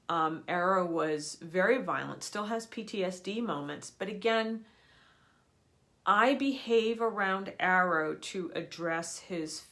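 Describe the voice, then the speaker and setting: Low-voiced woman teaching earnestly. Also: a bit bright. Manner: earnest, explanatory, emphatic. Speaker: energy healer for people and animals. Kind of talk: live teaching talk.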